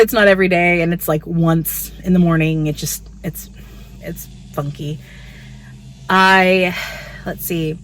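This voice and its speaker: Woman in her 30s chatting on camera, kinda low voice, says like a lot, bit of faint noise behind. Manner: chatty and candid, frequent "like" fillers. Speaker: vlogger. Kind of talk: casual pregnancy update vlog.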